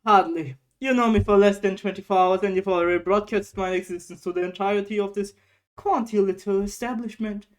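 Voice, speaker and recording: A woman's voice: medium pitch, fairly even intonation, fairly quick, lightly acted. A woman voicing a haughty, sarcastic male talking book in a game, with a pompous, sardonic delivery.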